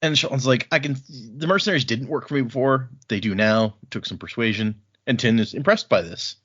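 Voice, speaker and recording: On a casual book-club podcast, a husky co-host recounts scenes from a story, slipping in brief, casual character quotes and laughing readily. His voice is mid-range with a fairly bright tone, captured in dull, lo-fi audio.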